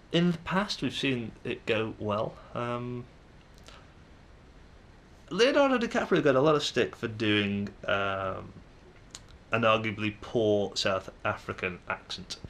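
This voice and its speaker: A man's voice: lowish voice, expressive, takes it slowly, a bit bright, a little hiss or hum. A young man with a Manchester English accent, musing aloud to camera in a casual vlog, hesitant and full of ums and restarts. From England. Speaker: vlogger.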